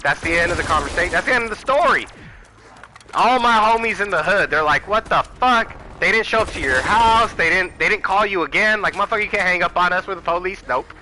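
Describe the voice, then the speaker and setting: A man's voice: sits high, lively intonation, fairly quick, bright, forceful tone, slight background noise, low-quality recording. A man hosting his own channel, delivering a heated, profane political rant and addressing viewers directly as y'all. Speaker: channel host. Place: Arizona home.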